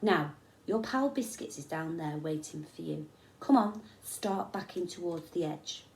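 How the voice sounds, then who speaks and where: A woman reading the part of a calm, encouraging male climbing instructor, coaxing and reassuring, from a storybook. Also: deep voice, unhurried, gravelly, heavily acted. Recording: echoey room.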